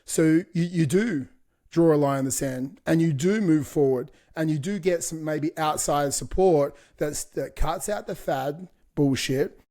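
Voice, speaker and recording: A middle-aged man co-hosting a fitness podcast, sounding blunt and motivational. His voice sits a little high for a man, and he swears casually as he pushes listeners to act. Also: a little slow, mellow. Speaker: podcast co-host.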